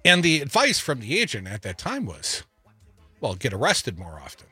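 A man co-hosts a talk radio show with sarcasm and rambling emphasis. His voice is bright and husky and swings up and down in pitch. It sits close and dry on a studio mic with faint music underneath. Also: wildly swooping pitch, moderate pace, no room sound. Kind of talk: opinionated talk radio banter. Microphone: studio microphone.

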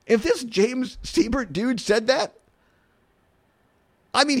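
A man hosting an opinionated talk radio show, incredulous and animated, often laughing and saying "I mean". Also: extremely high pitch, slow, pauses often.

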